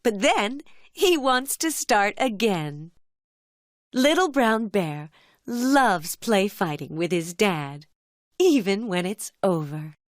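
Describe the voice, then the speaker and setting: A woman telling a children's cartoon story as narrator, in a gentle storybook manner. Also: mid-range voice, very animated, slow pace, no echo, studio quality.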